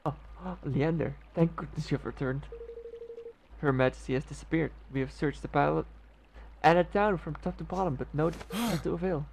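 A man's voice: fairly high pitch, moderate pace, creaky, slight background noise, rough recording. A man reading aloud the lines of a dutiful, anxious palace official in a game, with game music behind. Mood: worried.

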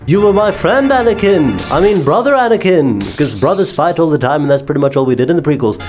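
Excitable young man joking through gameplay. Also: on the high side, quick pace, hardly any pauses, over music. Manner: jokey, excitable, swears. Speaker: gaming YouTuber. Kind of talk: comedic VR gameplay commentary.

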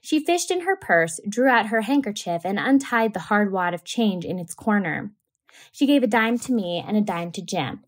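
A woman teacher reading a novel aloud to a class with a steady, clear delivery. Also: mid-range voice, normal speed.

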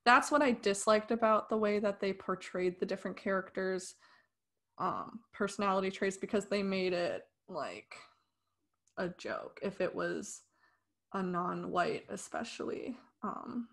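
A young woman co-hosting a podcast, reviewing a film in casual, animated talk with opinionated and sarcastic asides. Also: mid-range voice, unhurried, creaky. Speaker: podcast co-host.

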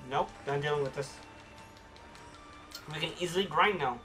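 A man streaming a video game, talking casually to his viewers and reacting excitedly as he plays. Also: on the high side, moderate pace, faint music behind. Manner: excitable, talks to viewers while playing. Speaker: gaming streamer. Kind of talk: casual let's-play commentary.

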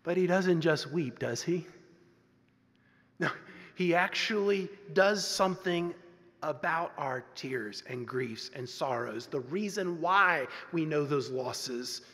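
A male pastor preaching a sermon earnestly, moving between loud emphasis and hushed softness. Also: on the high side, lively intonation, takes it slowly. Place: church sanctuary. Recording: long reverb of a church sanctuary.

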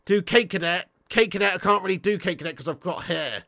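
A young man chatting casually on a live game stream, joking and laughing often. His voice sits fairly high for a man. The sound is dry and close. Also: brisk, bright, forceful tone, no room sound.

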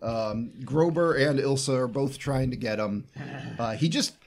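A man's voice: mid-range voice, measured pace. A man co-hosting a podcast, retelling a movie plot in casual chat and laughing often. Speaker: podcast co-host.

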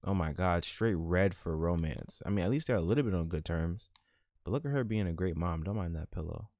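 Low-voiced, slangy male gaming host. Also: brisk, dry recording, studio quality. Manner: animated, slangy, laughs at his own jokes. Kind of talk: casual let's-play commentary.

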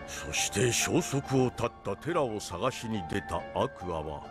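Male actor as a grave old mentor, game cutscene, lively pitch over loud score. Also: brisk, lightly acted. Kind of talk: dubbed game cutscene acting. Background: orchestral game music.

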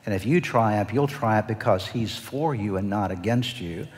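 A man preaching a sermon as pastor, leading the congregation in call-and-response declarations and stretching key phrases slowly for emphasis. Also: on the low side. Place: church sanctuary. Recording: long reverb of a church hall.

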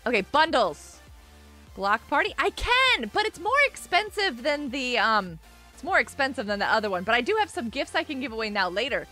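A woman's voice: high-pitched, sing-song, moderate pace, pushed and bright. A woman live streamer chatting casually with her viewers, giggling often and reading the chat aloud. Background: faint music.

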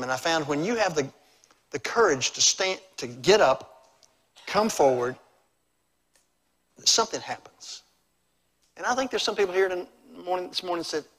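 A middle-aged evangelist preaching at a revival, his delivery emphatic as it swings between loud bursts and quiet, intimate appeals. His voice is fairly high for a man and has a bright, forceful ring. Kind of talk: revival sermon. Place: church sanctuary.

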